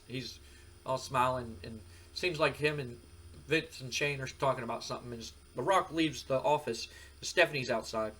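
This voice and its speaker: Husky man narrating a wrestling sim. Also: medium pitch, pushed and bright, rough recording. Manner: rambling, filler-heavy retelling. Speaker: game commentator.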